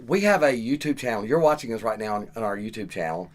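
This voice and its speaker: A man with a Southern US accent hosting a casual podcast chat, animated and joking as he explains things. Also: fairly low pitch, quick pace. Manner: animated, joking, acts out stories. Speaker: podcast host and karaoke KJ.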